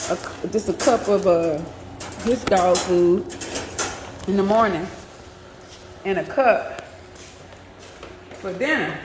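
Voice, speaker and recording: A woman's voice: medium pitch, darkish tone. A woman chatting on a livestream from her yard, cooing and fussing at her dog in a chatty way. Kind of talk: casual live chat. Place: outdoors in a yard. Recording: echoey with long reverb, faint noise.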